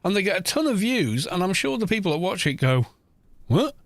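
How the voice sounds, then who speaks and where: A man's voice: sits high, very animated, quick pace, a bit bright, no room sound. Blunt, swearing man ranting on a stream. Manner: rambling with frequent "you know". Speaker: gaming YouTuber streaming. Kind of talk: casual live-stream commentary while playing.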